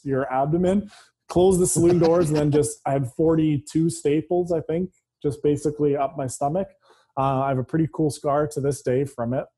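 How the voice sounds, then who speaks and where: A man speaking as a guest in a casual conversation, open and matter-of-fact, with a dark sense of humor. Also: on the high side.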